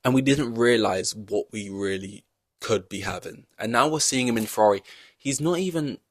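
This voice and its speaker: A man's voice: medium pitch, normal speed, slightly rough, no echo. A young man hosting a podcast in casual chat, rambling through long-winded analogies and poking fun at himself. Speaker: podcast host.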